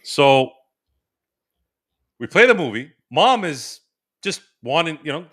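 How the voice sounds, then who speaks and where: Podcast host, male, forties, bright forceful voice, rambling animated storyteller. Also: on the high side, measured pace, pauses often. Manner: animated, laughing storyteller with many restarts. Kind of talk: casual storytelling. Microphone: remote stream microphone.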